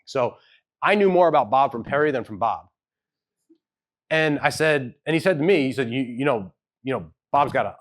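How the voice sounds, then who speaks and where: A man speaking at a live event, telling a personal story in a loose, conversational way and acting out the people he quotes. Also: medium pitch. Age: adult with children. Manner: conversational, hedging, acts out quoted dialogue. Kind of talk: storytelling keynote talk. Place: event hall with audience.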